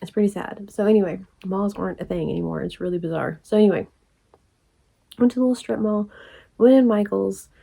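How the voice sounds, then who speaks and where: A woman, telling a rambling story in a casual vlog, laughing often and dropping into soft asides. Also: medium pitch, fairly quick, gravelly, breathy edge. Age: 40s. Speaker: crochet vlogger.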